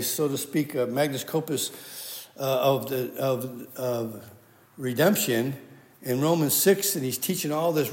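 A man's voice: mid-range voice, darkish tone. A man giving a conversational sermon, quoting scripture and often restarting his sentences. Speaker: preacher. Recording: echoey hall with long reverb.

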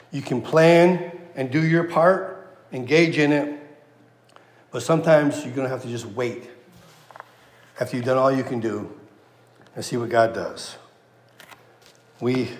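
Man preaching in an echoey hall. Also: mid-range voice. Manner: acts out biblical characters in lively paraphrase. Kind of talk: expository sermon. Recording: echoey hall with long reverb.

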